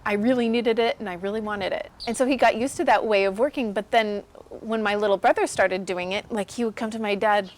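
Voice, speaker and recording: A woman illustrator in her thirties chatting casually in an interview, telling lively stories and acting out the voices of people she quotes. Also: medium pitch, fairly quick. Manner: animated storyteller, acts out quoted voices.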